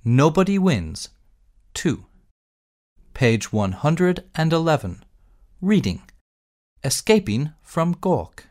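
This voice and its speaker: A man reading a textbook story in clear, measured narration, as a space captain telling his own adventure. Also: a little high, sing-song, darkish tone. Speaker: textbook audio reader.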